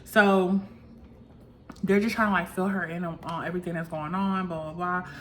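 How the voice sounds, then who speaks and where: A woman's voice: lowish voice, fairly even intonation, normal speed, a little hiss or hum. A woman vlogger casually recapping a reality show episode in a chatty, gossipy way, full of "like" fillers.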